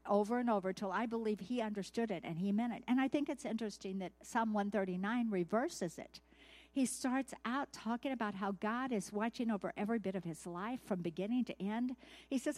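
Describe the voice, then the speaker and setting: A woman's voice: mid-range voice, brisk, darkish tone. Conversational woman giving a sermon. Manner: conversational, asks the listeners questions. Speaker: Bible teacher. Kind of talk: devotional sermon.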